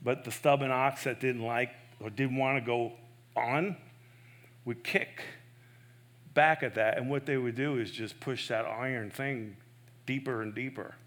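A man preaching a sermon in an earnest, emphatic way. He swings between loud stresses and soft, hushed asides. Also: medium pitch. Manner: self-correcting, personal and earnest.

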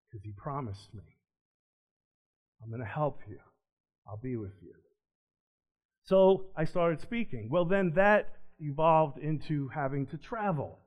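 Man sharing his faith story, earnest, animated then hushed, muffled lo-fi recording. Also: a little high. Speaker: ministry speaker. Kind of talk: personal testimony. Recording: dull lo-fi recording.

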